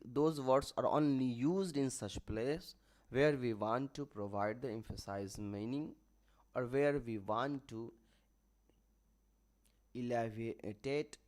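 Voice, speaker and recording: A man teaching Arabic grammar in English in an online lecture, explaining slowly and repeating terms to drive them home. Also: mid-range voice. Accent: South Asian English.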